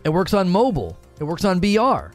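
A man hosting a casual live stream, rambling through quick asides and reading out chat. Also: high-pitched, wildly swooping pitch, soft background music. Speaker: livestream host.

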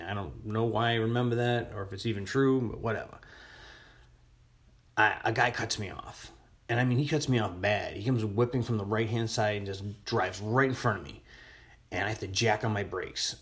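A man telling a long personal story in a casual voice message, rambling with many restarts. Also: fairly low pitch.

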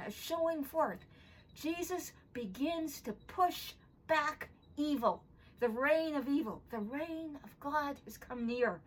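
A woman's voice: sits high, a bit bright, low-quality recording. A woman pastor preaching a sermon in an earnest, emphatic way, repeating phrases for stress.

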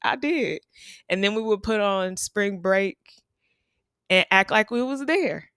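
A woman's voice: medium pitch, expressive, fairly bright tone, clear, resonant tone, no room sound. Teacher lady in her 30s telling stories on her podcast, chatty, laughs a lot, dry close mic. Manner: chatty, laughing often, drawn-out repeats. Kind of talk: casual storytelling monologue.

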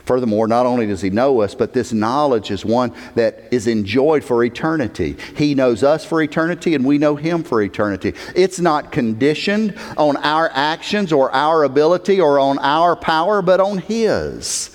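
A man preaching a sermon as pastor, emphatic, repeating words for stress and swinging from hushed tones to near-shouting. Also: mid-range voice, animated, normal speed, hardly any pauses. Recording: long hall reverb.

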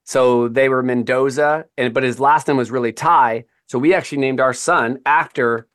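A man hosting a podcast, telling stories in a casual, animated way and often checking in with "right?" and "man". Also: mid-range voice, moderate pace. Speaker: podcast host.

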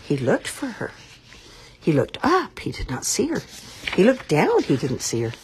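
A woman reading a children's story aloud in an expressive, sing-song storybook manner. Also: on the low side, normal speed, slight background noise.

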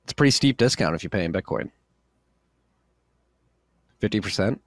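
Low-voiced laid-back podcast host. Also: male voice, moderate pace, dry recording, studio quality. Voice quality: relaxed, jokey, calls listeners freaks. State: a little tired after a workout. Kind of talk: casual chat.

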